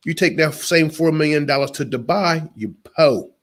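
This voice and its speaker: A man's voice: fairly high pitch, steady tone, moderate pace, a bit bright. A man who works as a motivational speaker, talking emphatically and speaking straight to the listeners in an interview. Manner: preachy, emphatic, addresses listeners directly.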